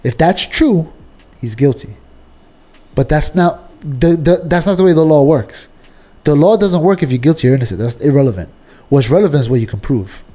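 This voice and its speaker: A man with a New York accent argues his case in a loose podcast chat. His voice sits a bit high but sounds warm and relaxed, and he clears his throat and restarts his sentences as he goes. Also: moderate pace. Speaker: podcast co-host. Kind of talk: casual debate.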